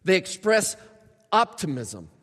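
A man's voice: sits high, very animated, takes it slowly, fairly bright tone. A man preaching a sermon as a pastor, emphatic and acting out prayers in a lifted voice. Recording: reverberant hall sound.

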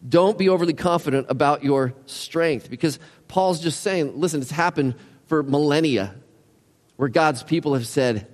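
A man with a somewhat high voice gives a sermon as a pastor. He talks in a casual, conversational way, keeps throwing rhetorical questions at the congregation and acts out little scenes. His voice rings through a large hall with a long reverb. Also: animated, a little slow, darkish tone.

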